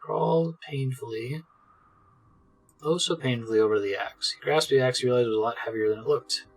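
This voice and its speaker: Husky man reading game text. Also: mid-range voice, brisk. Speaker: let's play streamer. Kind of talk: gameplay commentary, reading game text aloud.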